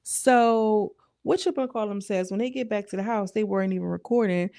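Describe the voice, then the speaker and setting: A young woman talks through a reality episode in loose, slang-filled chat, stopping often to check that the listener follows. Her voice has a gravelly, frying edge. The sound is close and dry, with no room around it. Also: medium pitch, steady tone, brisk, mellow, no echo. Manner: chatty, slangy, retells scenes with lots of asides. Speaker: reality show recap commentator. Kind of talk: casual recap chat.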